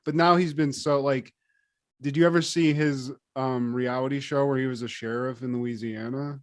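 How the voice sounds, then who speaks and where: A man's voice: medium pitch, fairly even intonation, moderate pace, no room sound. Dry-sounding, joking male podcast host. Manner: joking and profane, laughs often. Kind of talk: casual chat.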